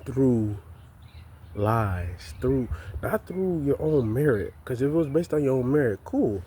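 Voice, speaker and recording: A man's voice: medium pitch, expressive, unhurried, dark tone, slight background noise. A man giving an impassioned, profane monologue, repeating himself and stumbling over restarts. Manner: heated, repetitive, stammers and restarts. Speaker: vlogger.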